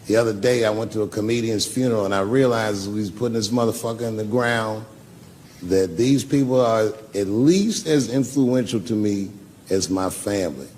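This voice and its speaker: A man's voice: on the low side, moderate pace, darkish tone, slight background noise. A man doing live stand-up, telling stories in a loose, profane, conversational way. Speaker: stand-up comedian.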